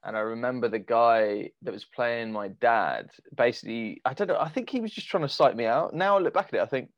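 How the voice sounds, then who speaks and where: Man, podcast host, mid-pitched voice, dry sound, relaxed chatty manner. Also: a little fast, no room sound, lo-fi sound. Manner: laid-back, laughing, chummy slang. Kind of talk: casual chat.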